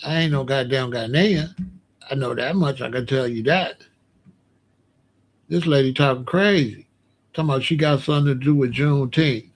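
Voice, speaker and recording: A man's voice: a little high, moderate pace. Blunt, profane ranting man. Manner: blunt, profane, repetitive, dismissive. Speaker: commentator reacting to comments. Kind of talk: casual ranting commentary.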